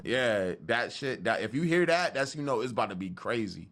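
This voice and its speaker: A man's voice: medium pitch, lively intonation, moderate pace, a bit bright. A man, talking loosely and joking with his stream chat from his studio. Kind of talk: casual livestream chat.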